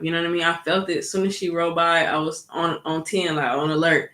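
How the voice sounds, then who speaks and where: A woman's voice: on the low side, fairly even intonation, quick pace, hardly any pauses, a bit bright. A woman vlogger telling a story in a casual, chatty way, full of "like" and "you know". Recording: echoey room.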